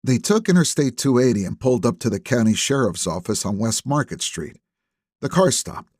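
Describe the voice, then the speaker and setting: A man reading a crime novel aloud as an audiobook narrator, in steady, measured storytelling. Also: mid-range voice, dry recording, clean studio sound. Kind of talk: scripted narration.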